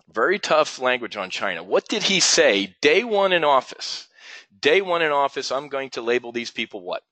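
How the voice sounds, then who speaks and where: A man hosting an options trading webinar, giving an animated, slangy market rant full of rhetorical questions, recorded on a close mic. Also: medium pitch, no echo. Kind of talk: opinionated market commentary.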